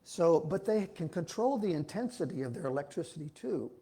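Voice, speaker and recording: A man's voice: on the high side, animated, brisk, dark tone, husky. A man giving an informal, folksy sermon at a church, talking in a rambling way with frequent restarts. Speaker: speaker giving a talk at a church.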